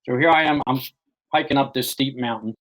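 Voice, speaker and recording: An author guest in an interview recounts a long personal story of what happened to him, rambling, saying "you know" constantly and restarting sentences midway. His pitch is medium, his pace a little fast, and the audio sounds dull.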